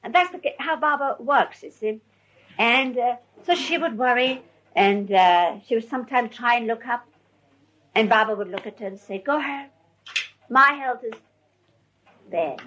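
A woman recounting her memories to an audience in an animated way, often laughing as she tells. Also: a little high, moderate pace, low-quality recording. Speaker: storyteller.

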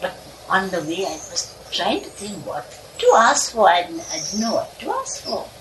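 A woman's voice: medium pitch, wildly swooping pitch, normal speed, fairly bright tone. A woman telling a personal story from her childhood in a casual, meandering way, often laughing between lines. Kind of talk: casual spoken reminiscence. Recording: distant mic with clear background noise.

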